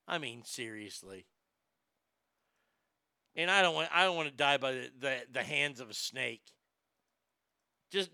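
Bright, sarcastic ranting man. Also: a little high, clear, resonant tone, dry recording. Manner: sarcastic, ranting, stammers and repeats words. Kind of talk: comedic rant.

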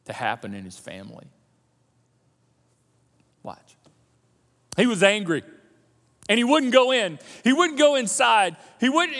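A male pastor preaching a sermon in an animated, conversational way. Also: sits high. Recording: long church hall reverb.

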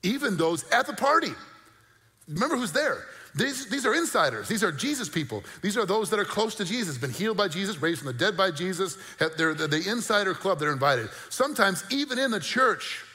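Guy pastor preaching, bright forceful voice, kinda high, big echoey church hall sound. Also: a little fast. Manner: animated preaching with mock-incredulous outbursts. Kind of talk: sermon.

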